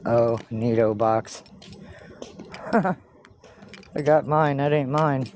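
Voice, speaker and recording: A woman's voice: extremely low pitch, extremely slow. A woman vlogging outdoors on a street, talking to herself and to cats and swearing often. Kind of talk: rambling outdoor vlog. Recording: noisy outdoor recording.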